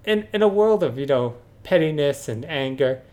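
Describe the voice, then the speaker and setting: A man co-hosting a comedy podcast, talking in a mock-earnest, deadpan ironic way. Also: fairly high pitch, moderate pace. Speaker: podcast co-host. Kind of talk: sarcastic comedy podcast banter.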